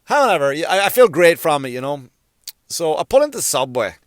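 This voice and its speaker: A man with a fairly high voice hosts a comedy podcast, talking fairly quickly in a dry, studio-quality recording. He tells a rambling, casual comic story, animatedly acting out the quoted lines.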